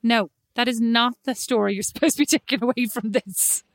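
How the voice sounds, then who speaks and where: A middle-aged woman co-hosting a casual chat, telling animated stories and teasing her friend. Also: on the high side, a little fast, no room sound, clean studio sound. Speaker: podcast co-host.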